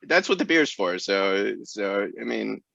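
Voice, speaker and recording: A man, a runner being interviewed, who answers with dry, deadpan jokes in casual chat. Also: fairly low pitch, unhurried, vocal fry, no echo, dull audio. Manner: dry joking, deadpan humor. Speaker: ultrarunner guest.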